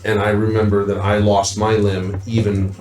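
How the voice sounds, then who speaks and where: A man's voice: lowish voice, flat delivery, moderate pace, darkish tone. A man playing a tabletop game, hesitant and repeating words, recorded in an echoey room from a distance. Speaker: player. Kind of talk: in-character tabletop play.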